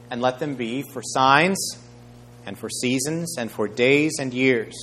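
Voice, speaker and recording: A man preaching a sermon, reading scripture aloud in a measured way and raising his voice for quoted speech. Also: medium pitch, a bit bright. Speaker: pastor.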